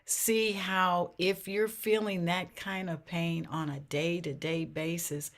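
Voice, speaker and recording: Older woman, earnest and low-pitched. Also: level tone, slow. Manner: earnest, repeats phrases, voice swells and drops with emotion. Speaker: interview guest. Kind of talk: personal faith testimony in conversation.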